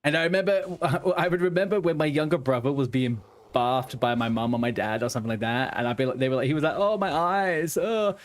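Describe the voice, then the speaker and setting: A young man chats loosely with his audience while he plays, rambling from one joke to the next. His voice sits at an ordinary middle pitch, and he keeps the talk easygoing and playful. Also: fast, few pauses. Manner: joking, rambling, chatty with viewers. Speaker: game streamer. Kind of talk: casual chat while gaming.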